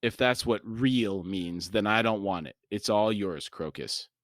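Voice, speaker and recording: A man's voice: fairly low pitch, unhurried, dry recording, clean studio sound, natural voice. A man reading the lines of a haughty young noblewoman in an audiobook-style reading, barely changing his voice. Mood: cool.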